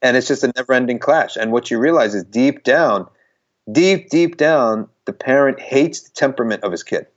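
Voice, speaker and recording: A man's voice: mid-range voice, expressive, normal speed, muffled recording. A man talking in an earnest, emphatic way as a guest in a conversation, often circling back and restarting his phrases. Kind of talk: conversational talk.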